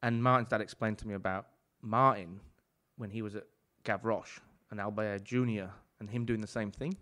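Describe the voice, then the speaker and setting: A man's voice: on the low side, fairly even intonation, normal speed, pushed and bright. A man, a chef and author, telling long rambling stories in a casual podcast chat, full of "like" and swearing.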